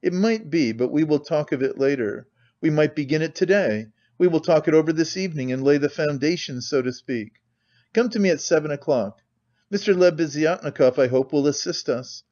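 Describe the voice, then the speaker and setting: A man voicing a calculating, pompous middle-aged suitor who talks in a measured, formal way, full of hedging phrases. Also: a little high, a little mellow, highs cut off, lightly acted.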